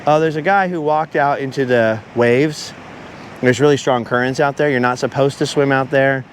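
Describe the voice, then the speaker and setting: A man's voice: mid-range voice, normal speed, a little hiss or hum. A man vlogging as he walks along a beach outdoors, talking at length and wandering off topic as he goes. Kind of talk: rambling walk-and-talk monologue.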